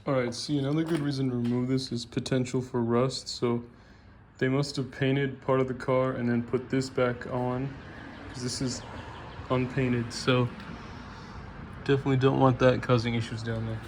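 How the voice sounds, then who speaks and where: Gravelly-voiced man explaining car work. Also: mid-range voice, moderate pace, slight background noise. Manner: relaxed, chatty, explaining step by step. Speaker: car restoration hobbyist vlogger. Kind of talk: casual how-to narration while working on a car.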